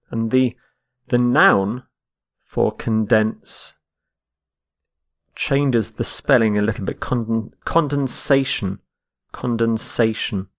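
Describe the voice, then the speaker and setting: A man teaching English vocabulary, explaining each word slowly and repeating it to show where the stress falls. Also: on the low side. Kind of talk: slow, explained vocabulary lesson.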